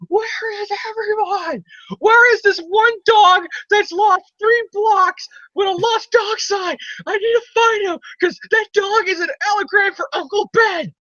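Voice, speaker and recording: A man's voice: extremely high pitch, a little slow, no echo, lo-fi sound, voice pushed up, exaggerated voice. A man doing a frantic screaming young hero. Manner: manic shouting parody. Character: frantic young male superhero, ranting and screaming.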